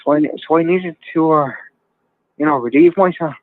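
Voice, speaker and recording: Slightly high-voiced and speaking at a moderate pace, a man runs a casual call-in livestream full of jokes and rambling, ribald stories punctuated by laughter. The audio is dry and sounds tinny, like a phone.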